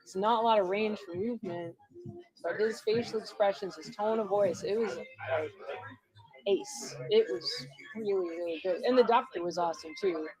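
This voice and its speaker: A woman's voice: medium pitch, normal speed. Blunt woman chatting over bar crowd. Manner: blunt, animated retelling of plots. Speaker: co-host reviewing festival films. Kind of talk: casual chat. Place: bar or restaurant. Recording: noisy bar crowd behind.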